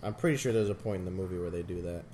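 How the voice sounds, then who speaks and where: A man's voice: low voice, rapid-fire, a little hiss or hum. A man chatting casually and joking while watching a movie with a friend. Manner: joking, animated, laughs often.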